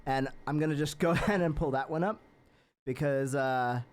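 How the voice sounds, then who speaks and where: A man's voice: a little high, normal speed. A man playing song requests on guitar during a charity stream, chatting casually and laughing at himself. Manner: chatty and self-deprecating, often laughing. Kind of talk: casual live-stream chat. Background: his own guitar playing.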